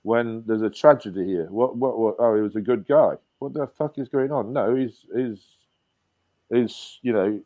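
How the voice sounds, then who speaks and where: A man's voice: lowish voice, narrow, tinny audio. A man in his fifties from England, a guest telling rambling stories in a casual chat. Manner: rambling storyteller, many restarts and laughs.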